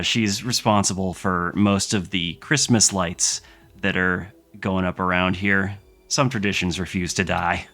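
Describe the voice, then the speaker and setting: A man's voice: sits low, bright, forceful tone. A man narrating a tabletop game as game master, rambling with frequent filler hesitations.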